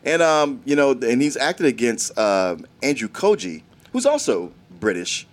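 A man's voice: medium pitch, sing-song, a little slow. A man co-hosting a casual movie talk, easygoing and chuckling, sometimes quoting characters. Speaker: movie review podcast co-host. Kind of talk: casual chat.

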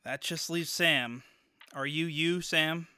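A woman's voice: low-pitched, takes it slowly, pushed and bright, clear, resonant tone, no room sound, studio quality, full character voice. A woman in an audio drama, playing a sarcastic woman stuck in a man's body. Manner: sarcastic, wry.

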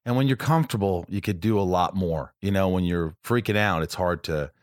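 A man hosting a casual podcast who talks in chatty, rambling anecdotes. His voice sits a little low and sounds dry and close, with no room around it. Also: fairly quick, no room sound. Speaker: podcast host.

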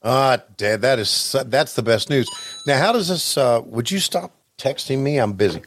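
A man's voice: medium pitch, expressive, moderate pace, fairly bright tone, dry recording. A man co-hosting a podcast in casual chat, reacting with short joking lines. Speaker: podcast co-host.

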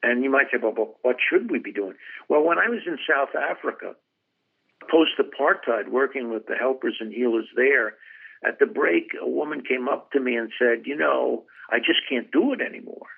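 A man's voice: medium pitch, animated, normal speed, gravelly. Older man on a tinny phone line. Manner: earnest, reflective, retells dialogues. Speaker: guest author. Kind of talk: interview answer, storytelling.

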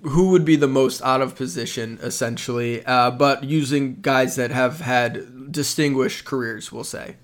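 A man's voice: medium pitch, measured pace, few pauses. A young man hosting a casual sports podcast, upbeat and joking, slipping into ad reads. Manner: upbeat, reads ad copy, jokes around. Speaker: podcast host.

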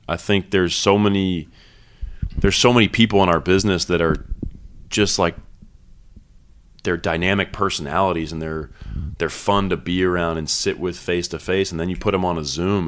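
A man's voice: sits low, clean tone. A man in his thirties, a basketball head coach, talking candidly and reflectively in an interview, with many fillers and restarts.

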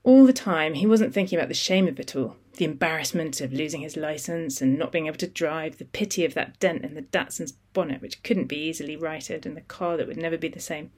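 A narrator reading a novel aloud in a measured, steady storytelling manner. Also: medium pitch. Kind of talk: audiobook narration.

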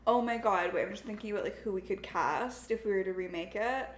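A woman's voice: medium pitch, quick pace, echoey room. A young woman co-hosting a podcast, reacting playfully and enthusiastically in casual chat. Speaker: podcast co-host. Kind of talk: casual chat about a movie.

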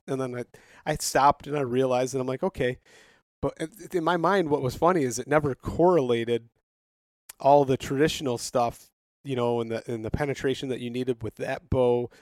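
Male host, mid-pitch, chatty and laughing, dry close sound. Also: no echo. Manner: chatty storyteller, laughs often. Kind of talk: casual chat.

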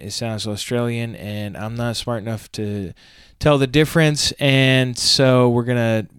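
Smooth-voiced man hosting a podcast. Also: medium pitch, dry recording, clean studio sound. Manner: earnest, explanatory, self-deprecating. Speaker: podcast host. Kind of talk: reading listener comments and answering.

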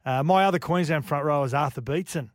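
An Australian man hosts a sports radio show, spinning yarns about old rugby league players and reading listener texts aloud. His voice sits on the higher side and sounds dry and close to the mic. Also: fast, no room sound. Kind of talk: casual sports radio chat.

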